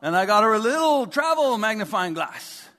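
A chuffed, eager dad with a French accent, as a male pastor puts him on in a sermon, his voice pitched a little high and carried on the long echo of a big hall. He sounds thoroughly pleased with himself. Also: big pitch swings, normal speed, pushed and bright, full character voice. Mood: proud. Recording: long reverb of a large hall.

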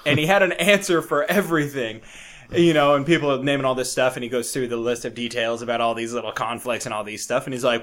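A man co-hosting a podcast in casual chat, crude and joking, laughing often and breaking into loud impressions. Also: medium pitch, quick pace. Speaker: podcast co-host.

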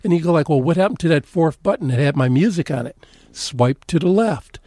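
Casting: man, tech show co-host, joking and chatty, higher pitch, dry studio sound. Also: expressive, a little fast, mellow, no echo. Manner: chatty, jokey. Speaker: podcast co-host. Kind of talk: casual tech chat.

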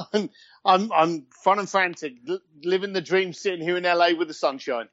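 A man's voice: high-pitched, fairly bright tone, dry recording, highs cut off. A man with an East London accent, chatting as a guest in an interview and joking at his own expense. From East London, England. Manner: chatty and self-deprecating, quick with a joke. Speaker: guest, luxury concierge. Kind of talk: casual interview chat over a call.

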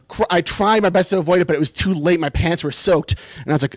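A man with a fairly high voice tells a funny story about himself. He is animated and self-deprecating, and he sets up each punchline. The recording is close and dry, with no room sound. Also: fast talker, no room sound. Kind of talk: comic personal storytelling.

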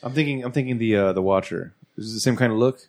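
A man's voice: lowish voice, fast talker, a little mellow. A man co-hosting a casual movie podcast, answering with dry quips. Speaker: podcast co-host.

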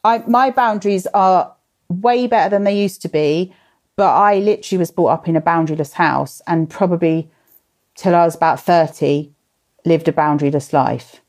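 A woman's voice: on the low side, normal speed, a little mellow. A woman in her thirties or forties running a live parenting workshop. She chats, laughs and sighs, and answers viewers by name as she reads their comments.

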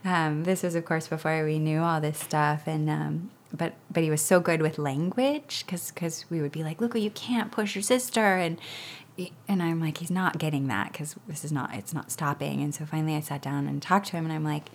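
Lively woman telling family stories. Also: low voice, normal speed. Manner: animated storytelling with laughs and acted-out quotes. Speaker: guest parent. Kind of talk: casual interview chat.

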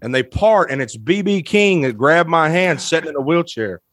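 Animated man telling a story. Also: a little high, moderate pace, no room sound, studio quality. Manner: animated, emotional, laughs often. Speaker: guest, musician. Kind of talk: storytelling anecdote.

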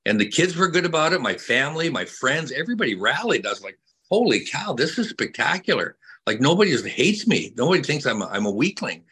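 A man's voice: mid-range voice, big pitch swings, quick pace, few pauses, slightly rough, low-quality recording. An older man, a retired hockey player, chatting casually with fans, telling stories with many repeats and fillers. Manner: warm storyteller, repeats words, many fillers.

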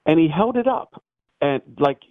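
Brief: male priest guest calling in by phone, animated storyteller, lively pitch, thin phone-line sound. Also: moderate pace, no echo. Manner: animated storyteller, voices the people in his tale. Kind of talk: storytelling testimony. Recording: tinny dry phone line.

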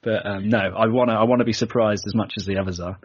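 Husky British man, jokey podcast host. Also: lowish voice, steady tone, fast talker. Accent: British English. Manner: chatty and jokey, laughs often. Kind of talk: casual podcast chat. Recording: dull lo-fi podcast audio.

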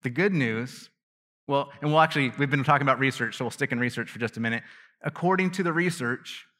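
A male pastor with a medium-pitched, bright, pushed voice addresses his congregation during a sermon. His delivery is loose and chatty, full of self-mockery, laughter and restarted phrases, all echoing with the long reverb of a big hall.

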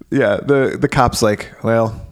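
A man co-hosting a podcast, chatting casually about an old movie, cursing freely and laughing often. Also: mid-range voice. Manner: profane, laughing, jokey. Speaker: podcast co-host.

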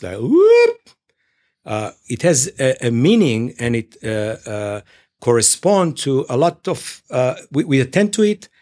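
A male clinician talks through his ideas in an interview at a middle pitch. He speaks haltingly, often stopping on fillers and restarting his sentences. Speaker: clinician at a psychological services organization. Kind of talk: explaining in an interview.

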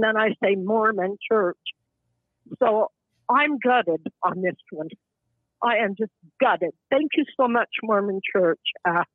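A woman in her seventies calling in to a show, speaking in a halting, impassioned way with bursts of anger. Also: mid-range voice, no room sound. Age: 70s. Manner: halting, impassioned, angry outbursts. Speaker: caller. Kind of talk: emotional call-in testimony. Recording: tinny phone line.

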